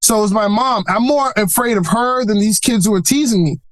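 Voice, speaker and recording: A man in his forties from Brooklyn, a podcast guest in casual interview chat, an animated storyteller who laughs often. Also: high voice, brisk, no echo. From Brooklyn, New York.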